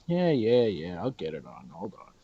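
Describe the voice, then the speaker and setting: A man from the Southern US with a Southern accent, chatting excitably and swearing while playing a game. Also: low-pitched, normal speed, slight background noise. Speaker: let's play host. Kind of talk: casual gaming chat. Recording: dull lo-fi recording.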